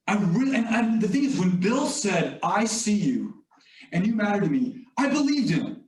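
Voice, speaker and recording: A man giving a motivational leadership talk, telling stories earnestly with light humor. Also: high-pitched. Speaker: leadership facilitator. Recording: echoey room, distant mic.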